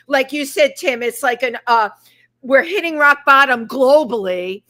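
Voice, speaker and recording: A woman hosts a live talk show with a high, bright voice. She tells her stories in an animated, effusive way and keeps the chat moving. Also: unhurried. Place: restaurant.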